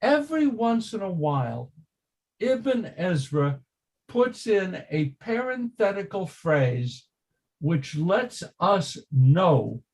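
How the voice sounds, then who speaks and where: An older man, a rabbi, teaching a casual Torah study class, slow and emphatic, often quizzing his listeners with questions. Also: sits high, big pitch swings, a little mellow.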